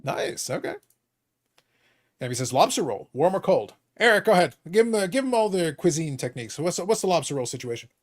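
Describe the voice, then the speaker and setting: A man's voice: high-pitched, sing-song, fairly quick, no echo, studio quality. A man hosting a live stream, reading viewer comments aloud and joking with his co-hosts in casual banter. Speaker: livestream host.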